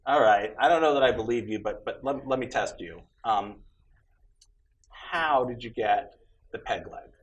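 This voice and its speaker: A man's voice: medium pitch, expressive, moderate pace, muffled recording, natural voice. A man voicing a skeptical male bar patron in a joke, doubtful and questioning.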